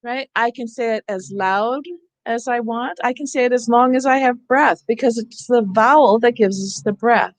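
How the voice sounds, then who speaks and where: Animated woman leading an online workshop. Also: a little high, moderate pace, no room sound. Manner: animated, acts out calling for help. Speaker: teacher trainer. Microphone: video call.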